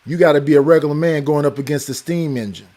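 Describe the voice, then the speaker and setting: A man's voice: a little high, quick pace, mellow. A man, telling stories and arguing his point in a casual panel debate. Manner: storytelling, quotes others in put-on voices.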